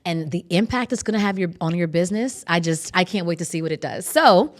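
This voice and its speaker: A woman's voice: fairly low pitch, a little fast. A woman hosting a business podcast, bubbly and playful in a casual interview. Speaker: podcast host.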